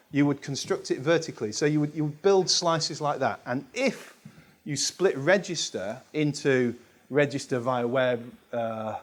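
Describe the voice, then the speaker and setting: Male agile trainer, mid-pitched, chatty and rambling, self-deprecating. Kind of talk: casual explanatory talk.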